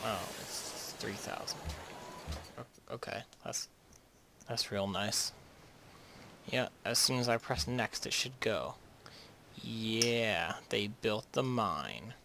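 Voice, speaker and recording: A gaming video host casually comments on a strategy game he plays, rambling, joking, restarting sentences and trailing off mid-thought. His fairly low, creaky voice moves slowly with frequent pauses, over some background noise.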